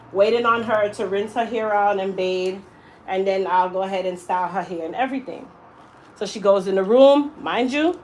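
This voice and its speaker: Working in her salon, a woman hairstylist with a slightly high voice tells a story in a casual, animated way, leaning hard on her words and acting out quotes. The recording is rough, with faint room noise behind her.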